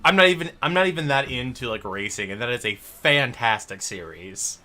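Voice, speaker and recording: A man's voice: mid-range voice, animated, brisk, bright, forceful tone. A man hosting a trivia night stream, casual and chatty, with showy announcer-style intros and rambling asides. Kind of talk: casual livestream banter. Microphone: headset.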